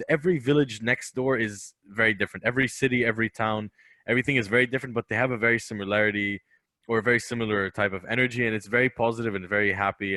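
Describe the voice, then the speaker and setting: A man's voice: on the low side, pushed and bright, no room sound. A man from Lebanon, a comedian guest on a podcast, talking in an emphatic, opinionated way and repeating phrases for weight. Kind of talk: casual podcast chat.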